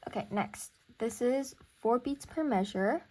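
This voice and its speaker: A woman's voice: a little high, unhurried, warm tone. A young woman teaching music theory in a casual recorded lesson, thinking aloud and counting beats.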